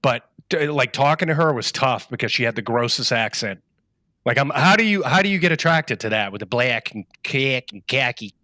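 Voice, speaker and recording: A man's voice: mid-range voice, lively intonation, fairly quick, sharp tone, no echo, studio quality. A man from Rhode Island, co-hosting a chat show with crude, scornful remarks. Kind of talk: casual live-stream chat.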